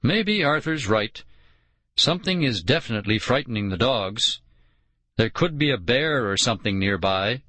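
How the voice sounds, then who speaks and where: A man's voice: medium pitch, lively intonation, moderate pace, pushed and bright, dry recording. A man playing a stubborn, bossy dad. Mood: commanding. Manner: stubborn and commanding. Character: stubborn, bossy father on an expedition. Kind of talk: audiobook character voice.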